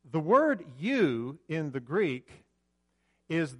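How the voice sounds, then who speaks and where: Higher-voiced pastor preaching to a congregation. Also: male voice, very animated, drawn-out words. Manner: conversational, swings between loud emphasis and quiet asides; directs the slide operator mid-talk. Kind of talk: sermon. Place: church sanctuary with a screen.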